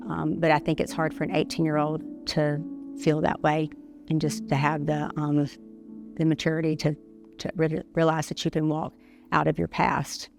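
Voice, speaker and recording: Low, gravelly middle-aged woman, halting. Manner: halting, many pauses and restarts. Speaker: interview guest. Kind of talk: personal story in an interview. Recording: music playing underneath.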